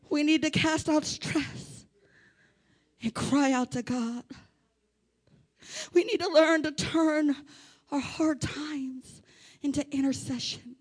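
A woman preacher with a high, bright-pitched voice delivers a fervent sermon. She moves between quiet, intimate passages and loud shouted exhortations, often asking the congregation to repeat her words. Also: animated, takes it slowly, long pauses.

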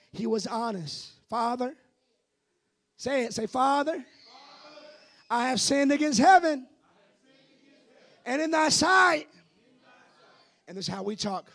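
Preacher man, real high voice, kinda gravelly, shouts then goes quiet and pleading. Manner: builds to shouting, then drops to a hushed, pleading tone. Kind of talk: sermon.

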